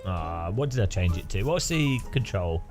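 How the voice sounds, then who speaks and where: A man's voice: low-pitched, sing-song, moderate pace, a little mellow, faint music behind. A man streaming a game, rambling and joking with his chat in a self-mocking way. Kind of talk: casual live stream chat while gaming.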